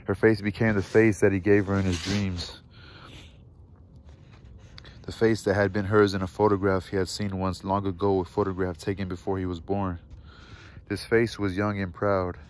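Male read-aloud narrator, low pitch, flat and steady, self-corrects at times. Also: normal speed, pauses often. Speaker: audiobook reader. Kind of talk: reading a novel aloud.

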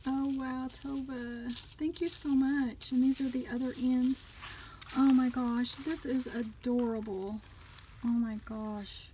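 A woman chatting casually as she unboxes craft gifts on her vlog, gushing with delighted exclamations and often dropping to a soft, near-whispered voice. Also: sits high, steady tone, slow, a little hiss or hum, low-quality recording. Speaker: craft vlogger unboxing a gift swap.

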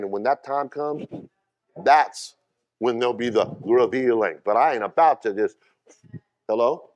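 A male pastor preaching with a mid-pitched voice. He rises in loud, high bursts, then drops to quieter, conversational asides. He often repeats words and fires questions at his listeners. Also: unhurried, pauses often. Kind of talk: sermon.

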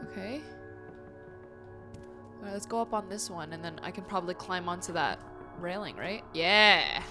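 A woman's voice: on the low side, animated, moderate pace, over music. A young woman hosting a gaming channel, reacting to the game as she plays, easily startled, talking to the game and her chat with gasps and exclamations. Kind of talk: casual let's-play commentary.

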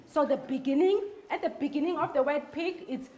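High-voiced woman teaching phonics. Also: a little mellow, slight background noise. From South Africa. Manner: slow, repetitive, drawing out words while clapping. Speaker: foundation-phase teacher. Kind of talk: phonics lesson for young children. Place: classroom.

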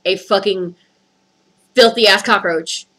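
A woman's voice: mid-range voice, takes it slowly, a bit bright, low-quality recording. A woman vlogger ranting through a storytime with heavy swearing, upset and rattled. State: upset, skin crawling. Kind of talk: storytime rant.

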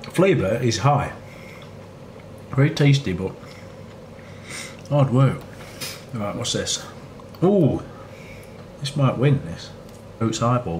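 A man's voice: mid-range voice, expressive, takes it slowly, long pauses, a little mellow. Wry man vlogging over ambient noise. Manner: wry, chatty food-tasting asides. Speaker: travel vlogger. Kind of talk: casual vlog commentary. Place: tropical beach resort.

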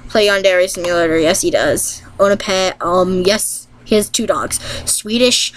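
A woman vlogger chatting casually to viewers while playing a game, reading questions aloud quickly, answering them and laughing often. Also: fairly low pitch, low-quality recording.

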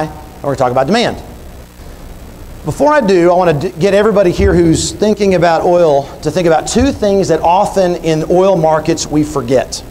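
A man's voice: sits high, darkish tone, slight background noise, poor audio. A man speaking at an industry conference, telling a story and walking through numbers in an explanatory way. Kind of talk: keynote speech. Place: conference hall.

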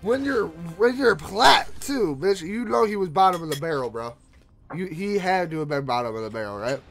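A young man chatting casually while gaming, excitable, swearing a lot and laughing often. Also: a little high, normal speed, gravelly, faint music behind. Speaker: gamer streamer.

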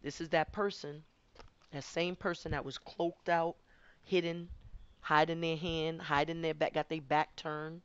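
A woman's voice: low-pitched, little pitch movement, a little slow, clean tone, dry recording, lo-fi sound. A woman giving a conversational spiritual tarot reading, rambling and often repeating her words. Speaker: tarot card reader.

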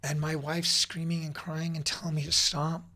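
A man's voice: fairly high pitch, level tone, normal speed, sharp tone. A man in his forties, a podcast guest, telling personal stories in an intense, blunt way, swearing freely and often restarting his sentences. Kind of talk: emotional personal storytelling.

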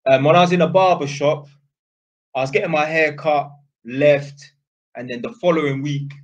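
A man telling a story straight to camera in a loose, rambling way, full of slang and "innit". His voice sits a little higher than most men's. He keeps it casual and chatty. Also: steady tone, moderate pace, muffled recording. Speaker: vlogger.

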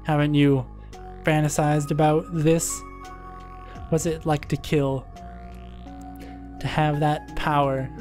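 A woman's voice: deep voice, flat delivery, takes it slowly, long pauses, darkish tone, faint music behind. A woman voicing a sinister male double who taunts smugly. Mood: taunting. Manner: taunting, smug. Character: sinister male double with glowing red eyes.

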